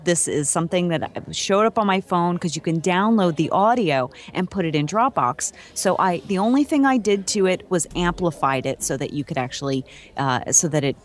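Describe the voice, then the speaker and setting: A woman co-hosting a podcast, telling a story in a chatty, rambling way. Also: fairly low pitch. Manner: chatty, rambling with restarts and laughs. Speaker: podcast co-host. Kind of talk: casual chat.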